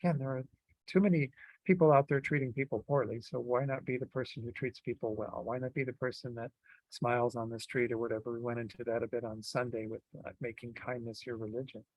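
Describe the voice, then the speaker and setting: A man giving a Buddhist teaching in a relaxed, conversational way, with frequent fillers and restarts. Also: mid-range voice, quick pace, no echo, highs cut off. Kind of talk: dharma talk.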